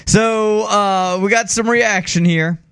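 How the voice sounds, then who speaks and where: A man's voice: high-pitched, steady tone, slow pace, a bit bright, clean tone, no echo, clean studio sound. A man hosting a casual sports talk radio show, chatty with frequent restarts. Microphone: studio mic.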